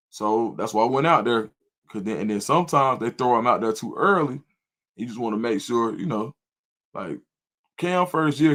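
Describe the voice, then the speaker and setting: A middle-aged man, telling a story in casual livestream chat as a volunteer coach and host, getting loud and high when he quotes himself. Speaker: volunteer youth football coach and show host.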